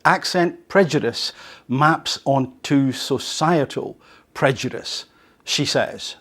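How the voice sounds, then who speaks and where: A man hosting an English-learning show, reading an article aloud and adding conversational, animated asides. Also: medium pitch, slow. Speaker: podcast host teaching English.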